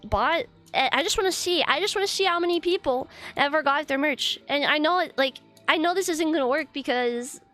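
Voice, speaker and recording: Woman, high voice, casual stream rant, frustrated, swearing, rambling fillers, faint music behind. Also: a bit bright.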